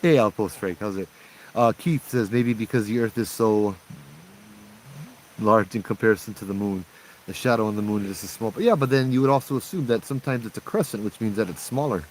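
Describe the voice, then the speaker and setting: A man's voice: lowish voice, brisk, a little hiss or hum, rough recording. A young man with a Hawaiian accent, hosting a casual night-time livestream outdoors and chatting jokingly while reading out viewer comments. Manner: jokey, chatty, reads out chat comments. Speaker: livestream host.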